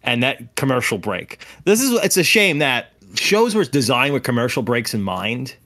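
A male podcast host talks in a loose, casual way at an ordinary mid pitch. He swears freely and recaps the story with quick acted-out asides. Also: sing-song, pushed and bright. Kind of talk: casual chat.

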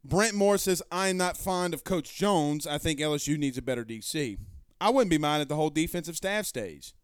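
A man hosting a sports talk stream, reading viewer comments aloud and answering them in a loud, passionate, blunt way with some swearing. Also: fairly high pitch, expressive, a little fast, clear, resonant tone, dry recording, studio quality. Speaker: sports show host. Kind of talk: live-stream chat reading.

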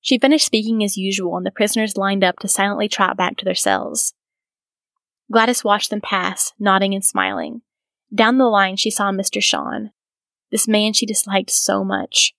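A woman's voice: medium pitch, normal speed, vocal fry, a bit bright, no echo. A woman hosting a podcast who reads from a biography aloud and adds earnest, reflective comments of her own. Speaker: podcast host.

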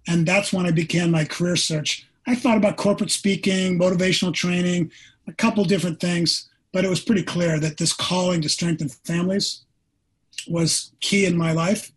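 An older man with a high-pitched, husky voice recounts a personal story as a podcast guest. He is earnest and animated and acts out what people said to him. He speaks as a former pro quarterback. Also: moderate pace, poor audio.

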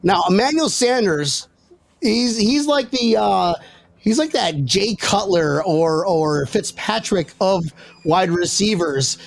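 A young man hosting a sports podcast, excitable and joking as he argues his picks and talks over the others. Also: high-pitched, slow pace, vocal fry. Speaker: podcast host. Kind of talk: casual sports banter.

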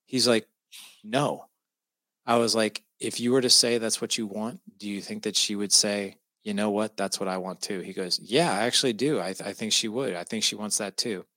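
A man's voice: on the low side, brisk, hardly any pauses, no echo. A middle-aged man telling a personal story in casual conversation, acting out the voices of the people he quotes. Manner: animated, acts out quoted dialogue. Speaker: podcast guest.

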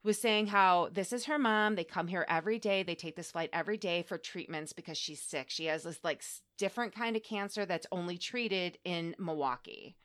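A woman co-hosting a podcast, telling a personal story in casual chat, animated and laughing often, with plenty of swearing. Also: on the low side, moderate pace, few pauses. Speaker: podcast co-host.

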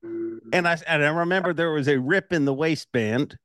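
A man's voice: on the high side, normal speed, a bit bright, smooth, no echo. A man from Ireland hosting a podcast, telling stories casually with lots of laughter. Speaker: podcast host. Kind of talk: casual interview chat.

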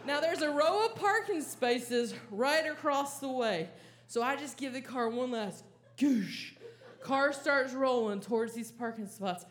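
A woman stand-up comedian, telling a story on a comedy club stage with lively, frantic acted-out panic. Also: high voice, measured pace. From American South. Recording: audible live crowd ambience.

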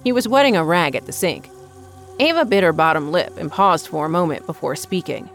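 Woman narrator, lowish pitch, steady scripted horror storytelling. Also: fairly quick, soft background music.

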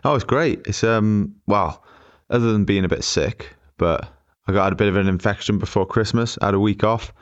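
A low-pitched man chats loosely through a funny anecdote, laughing as he goes. His voice is smooth and clear, recorded dry and close to the mic. He rambles with restarts and easy humor. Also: normal speed, few pauses, no echo, muffled recording. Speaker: podcast co-host. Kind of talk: casual storytelling chat.

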